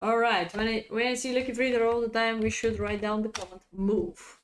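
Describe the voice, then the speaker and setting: A woman's voice: a little high, steady tone, fairly quick, a little hiss or hum. A woman chess coach, a native Bulgarian speaker, giving a live-streamed lesson, chatty and laughing often as she reads out chat.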